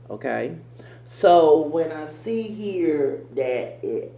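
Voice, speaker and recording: A man's voice: mid-range voice, gravelly, warm tone. A man giving rambling, emphatic reaction commentary as host of his own channel. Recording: echoey room with faint hum.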